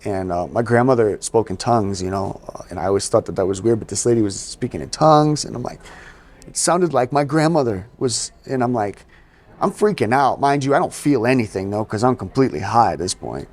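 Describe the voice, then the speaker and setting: This podcast guest, a man from the East Coast of the US, has a medium-pitched, slightly mellow voice with lively intonation and a slightly fast pace. Sharing his life story conversationally, he slips in "you know" often and acts out what people said.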